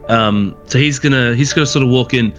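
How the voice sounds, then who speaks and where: A man's voice: mid-range voice, a little fast, soft background music. A man playing a tabletop role-playing game, talking hesitantly with many fillers and restarts. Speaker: player.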